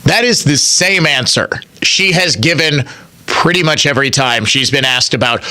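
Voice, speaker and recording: A man's voice: on the high side, animated, normal speed, bright, forceful tone. A male talk radio host giving opinionated political commentary in a conversational way, arguing his points and speaking directly to his listeners.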